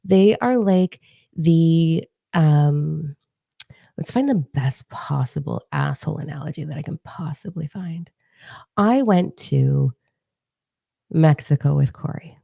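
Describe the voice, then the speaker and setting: A middle-aged woman telling a story in a blunt, profane, animated manner to her viewers. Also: sits low, slow, creaky, long pauses, dry recording, clean studio sound. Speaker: spiritual video creator. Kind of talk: casual storytelling monologue.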